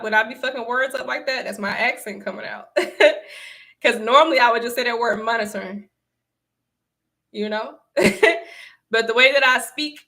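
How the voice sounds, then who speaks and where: Chatting with her livestream audience, a young adult woman from the American South uses a high, bright, forceful voice. Her talk is casual, full of emphatic repetition and frequent laughter.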